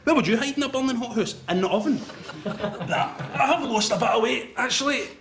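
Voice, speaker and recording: A man's voice: extremely high pitch, expressive, fairly quick, a bit bright, slight background noise. A Scottish man doing cheeky, laughing banter in a comedy sketch. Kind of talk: comic sketch dialogue.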